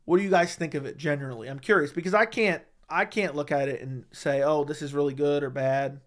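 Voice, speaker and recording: A man's voice: a little high, fairly even intonation, a little fast, a bit bright. A young man hosting a livestream who reads viewer comments aloud and answers them bluntly, swearing often. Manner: blunt and profane, talks back to chat. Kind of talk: casual livestream chat. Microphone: studio microphone at a desk.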